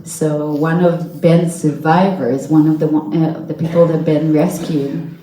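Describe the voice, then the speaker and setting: A young woman speaks slowly and earnestly, sometimes halting to find her words. Her voice sits low and mellow. The sound carries the roomy echo of a hall. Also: fairly even intonation. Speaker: hostage's relative giving testimony. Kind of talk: personal testimony at a public event. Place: event hall with audience.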